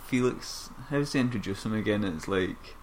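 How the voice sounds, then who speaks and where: A man's voice: lowish voice, expressive, moderate pace, slight background noise. A man co-hosting a podcast, chatting about a film with jokey asides and frequent laughs. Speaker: podcast co-host. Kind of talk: casual film chat.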